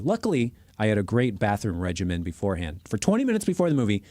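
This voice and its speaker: A man co-hosting a podcast, chatting casually about movies in an animated, joking, self-mocking way. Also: fairly low pitch, fast talker, no room sound. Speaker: podcast co-host. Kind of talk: casual movie review chat.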